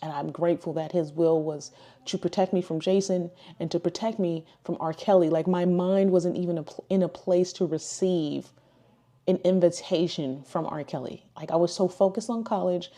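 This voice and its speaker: A woman's voice: fairly low pitch, steady tone, normal speed, mellow. A woman in her thirties, a ministry speaker, sharing a personal testimony in a chatty way, with lots of "like" and "you know" and acted-out quotes.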